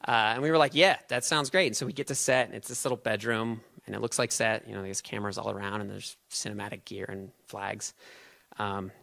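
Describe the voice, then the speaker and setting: A man's voice: on the low side, steady tone, a little fast, vocal fry, bright, forceful tone. Chatty man telling a story on stage. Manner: chatty, self-mocking, laughs at his own story. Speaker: storyteller and event host. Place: live stage in front of an audience.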